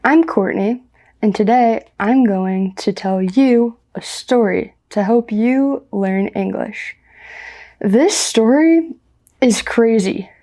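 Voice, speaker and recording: A young American woman telling a story slowly and clearly for English learners, repeating ideas in simple words. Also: a little high, warm tone. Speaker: English teacher.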